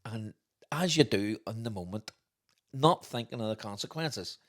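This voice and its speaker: Laughing middle-aged storyteller. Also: male voice, lowish voice, moderate pace. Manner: lively anecdotal, laughs often. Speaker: podcast co-host, father. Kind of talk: casual storytelling chat.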